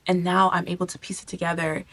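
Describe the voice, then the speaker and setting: A young woman vlogs to her camera, speaking quickly in a lowish, fairly bright voice with a flat delivery. She gushes and repeats herself, at times close to tears, and the sound comes from the camera's built-in mic.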